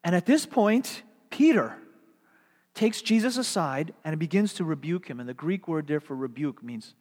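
Male preacher, slightly high voice, rhetorical and dynamic, long hall reverb. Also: animated, moderate pace. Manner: rhetorical questions, swings from emphatic to hushed. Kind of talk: sermon.

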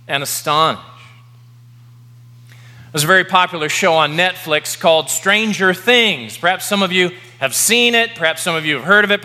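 A man preaching a sermon as pastor, emphatic, repeating key words slowly for effect. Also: sits high, sharp tone. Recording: long reverb of a large hall.

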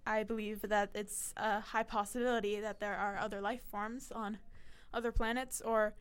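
A woman's voice: mid-range voice, little pitch movement, moderate pace, clear, resonant tone. A teenage girl guesting on a casual radio chat, playful and jokey, laughing often. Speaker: guest co-host.

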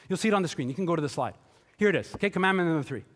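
High-voiced joking pastor in echoing hall. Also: male voice, expressive, rapid-fire, fairly bright tone. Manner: chatty, joking, acts out quotes in playful voices. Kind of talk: sermon. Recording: long hall reverb.

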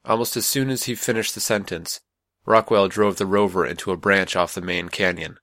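A man with a low voice reads a story in a steady, measured way. The recording is close and completely dry, with no room echo. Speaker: narrator. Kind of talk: scripted audiobook narration.

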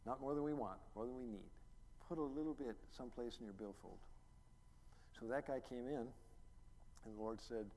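A middle-aged man, a pastor, preaching a sermon as a story, acting out quotes and building to loud, emphatic peaks. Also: mid-range voice, normal speed, pauses often. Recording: long reverb, faint ambient noise.

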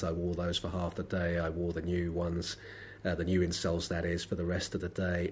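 A low, slightly mellow male voice with a faint hiss or hum runs a solo podcast while feeling under the weather. He rambles through wry everyday anecdotes, peppered with plenty of ums and uhs.

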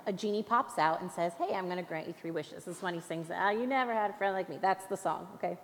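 A young adult woman giving a sermon as a guest speaker, playful and conversational, with light asides to the congregation. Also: medium pitch. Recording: long reverb of a large hall.

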